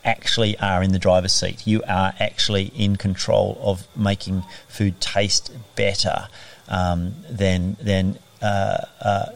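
Deep-voiced, slow and flat, with vocal fry, a middle-aged Australian chef-turned-farmer talks reflectively during a conversational interview. Fillers and restarts come often.

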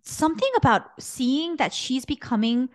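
A woman co-hosting a podcast, talking openly and casually with plenty of filler words. Her pitch swings widely as she tells stories, and the recording is dry and close with no room echo. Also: moderate pace. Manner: candid, animated storytelling, many "like" fillers. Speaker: podcast co-host. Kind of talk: casual faith podcast chat.

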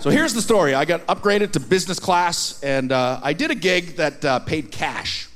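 A Canadian man doing a stand-up comedy set on a theater stage, animated and acting out little scenes and voices. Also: on the high side, normal speed, a faint crowd, slight background noise. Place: theater stage with live audience.

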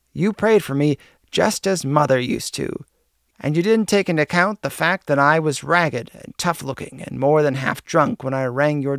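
A man doing a rough, hardened male robber. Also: fairly high pitch, a bit bright, no echo, studio quality. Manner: rough, passionate.

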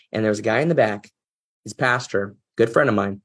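A man's voice: on the low side, fast talker, breathy edge. A man guest on an interview show, earnestly telling a personal story in a reflective, heartfelt way. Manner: earnest, reflective, emotional at times. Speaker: podcast guest, business executive.

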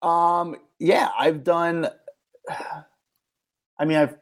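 A man's voice: fairly high pitch, level tone, drawn-out words. Rambling man with a raised voice. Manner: rambling storyteller, many fillers. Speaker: podcast co-host. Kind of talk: casual chat.

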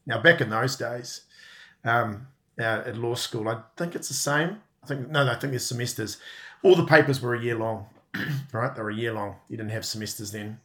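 A man in his fifties with a New Zealand accent telling stories as a podcast guest, chuckling and self-deprecating and often clearing his throat. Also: mid-range voice, normal speed, fairly bright tone. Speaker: guest actor. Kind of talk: relaxed anecdotal storytelling.

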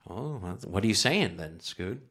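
A man co-hosting a podcast, chatting casually in a crude, excitable way. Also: fairly low pitch, a little slow, slightly rough. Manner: crude, loud, excitable banter. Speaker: podcast co-host. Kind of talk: casual chat.

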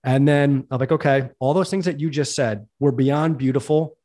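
A male podcast host with a warm, medium-pitched voice talks at a moderate pace. The casual conversation is earnest, heartfelt, and rambling.

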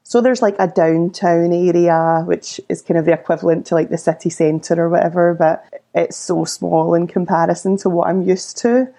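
A relaxed Glaswegian woman in her forties talks easily as an interview guest. She has a low, gravelly voice with a mellow, dark tone, and she fills her talk with ums and likes. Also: normal speed. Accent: Glaswegian Scottish. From Scotland. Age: 40s. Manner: relaxed, chatty, frequent fillers. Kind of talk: casual interview chat.

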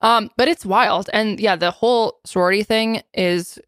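A woman's voice: medium pitch, moderate pace, fairly bright tone, no echo, studio quality. A woman in her late twenties hosting a podcast in casual chat, playful and jokey with swearing. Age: 20s. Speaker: podcast host.

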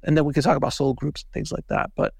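A man's voice: fairly high pitch, fast talker, vocal fry, darkish tone, breathy edge, no room sound, clean studio sound. A man talking in a podcast interview, telling stories animatedly and acting out quoted voices. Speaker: podcast host and filmmaker, guest. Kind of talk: casual interview talk.

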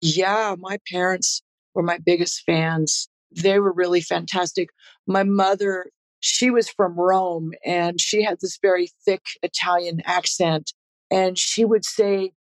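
A woman's voice: on the low side, little pitch movement, measured pace, dry recording, rough recording. Laid-back woman guest, laughing easily. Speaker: guest, rock musician. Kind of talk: casual interview chat.

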